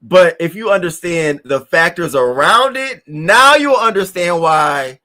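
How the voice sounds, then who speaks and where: A man's voice: high voice, lively intonation, measured pace, sharp tone. A young man hosting a casual live stream, talking brashly and with plenty of cursing straight to his chat. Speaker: livestream host.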